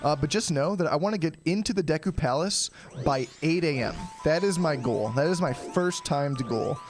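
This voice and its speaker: A young man casually commenting on his own gameplay during a live stream, rambling and chatty, often clearing his throat. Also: fairly high pitch, normal speed. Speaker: game streamer. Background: game music.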